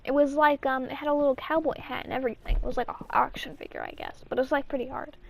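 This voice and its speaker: High-voiced chatty female storyteller. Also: fairly even intonation, fast talker, creaky. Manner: rambling, with restarts and acted-out quotes. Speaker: channel host. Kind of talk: casual storytime chat.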